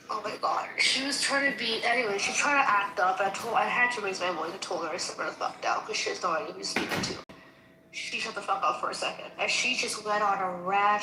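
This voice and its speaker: A woman in casual, heated conversation, animated and indignant, acting out both sides of a quarrel she is retelling. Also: medium pitch. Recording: echoey room with faint noise.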